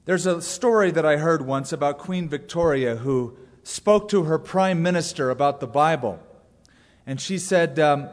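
Storytelling pastor with dry humor. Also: male voice, a little high, normal speed, long reverb tail. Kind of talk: sermon.

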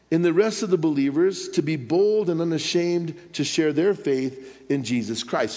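A male pastor in a church sanctuary, telling a personal story in a lively, animated way and chuckling now and then. His voice sits on the higher side for a man. A long hall reverb trails each phrase. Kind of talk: sermon.

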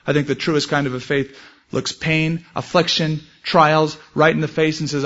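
A man's voice: on the high side, little pitch movement, normal speed, a bit bright. Earnest preacher man, lo-fi recording. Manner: earnest preaching with quoted prayers and scripture. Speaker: pastor. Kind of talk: sermon. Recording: dull lo-fi sermon recording.

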